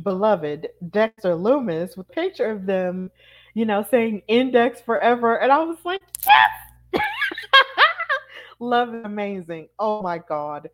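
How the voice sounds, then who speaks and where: Casual co-host: woman, chatty recap voice, animated storytelling, mid-range pitch. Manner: chatty, animated retelling with acted-out quotes. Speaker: podcast co-host. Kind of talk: casual wrestling recap chat.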